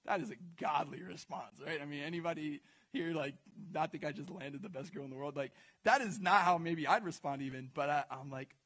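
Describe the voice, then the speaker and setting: A young pastor tells stories to his congregation in a relaxed, joking way, full of asides and questions for the crowd. His voice is on the high side, fairly quick, and fairly bright.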